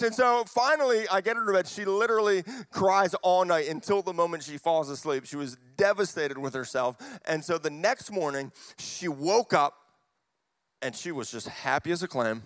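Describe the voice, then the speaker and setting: A man preaching a sermon as pastor, telling family stories and swinging between hushed and loud, animated delivery. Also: high-pitched, moderate pace, smooth, dry recording.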